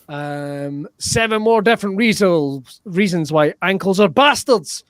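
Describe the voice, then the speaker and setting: A man hosting a live online comedy show over a video call, giggly and excitable, swearing playfully. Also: sits high, unhurried, few pauses, no echo, studio quality. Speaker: host.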